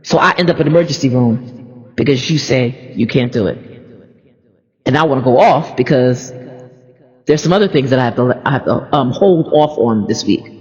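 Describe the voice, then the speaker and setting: A woman preaching an informal, animated sermon that mixes personal stories with repeated phrases. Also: extremely low pitch, a little fast, pauses often. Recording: dull recording in a reverberant hall.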